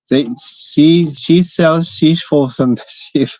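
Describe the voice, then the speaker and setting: With a fairly high, darkish voice and a slow delivery, a Spanish vlogger, native to Spain and its language, banters on a casual live stream while tripping over tongue twisters. The recording is rough but echo-free.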